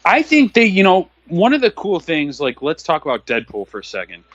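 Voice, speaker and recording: A man's voice: on the high side, huge pitch swings, a little fast, fairly bright tone, no room sound. A man co-hosting a casual movie-watching commentary show, talking bluntly and profanely with a lot of fillers. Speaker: podcast co-host. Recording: dull, muffled recording.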